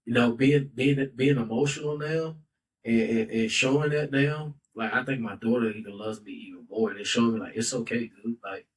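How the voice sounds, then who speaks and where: A man's voice: mid-range voice, fairly even intonation, moderate pace, recorded from a distance, low-quality recording. Male host in his thirties, loose and heartfelt, filler-heavy, slightly off-mic. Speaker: podcast host. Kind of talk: casual podcast talk. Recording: voice a bit off-mic.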